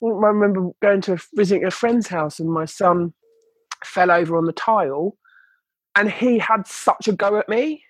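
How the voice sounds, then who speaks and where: A woman's voice: on the low side, moderate pace, no room sound. A young woman, telling her story as a podcast guest, chatty with lots of filler words. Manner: chatty, many "like" and "you know" fillers. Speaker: guest, children's book author. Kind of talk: candid podcast interview.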